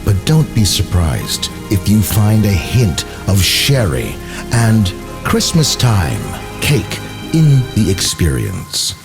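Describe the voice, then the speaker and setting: A man voicing the Whiskey God, a solemn male whisky deity, reading slow tasting notes in a mock Irish accent with a deep gravelly drawl. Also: wildly swooping pitch, exaggerated voice. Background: music.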